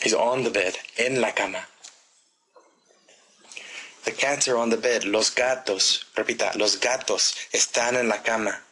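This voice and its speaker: A man teaching a grammar lesson, talking slowly and deliberately and pausing for the listener to repeat after him. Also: fairly low pitch, steady tone, a bit bright, slight background noise, rough recording. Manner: slow, deliberate drilling with pauses for repetition. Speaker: Spanish teacher.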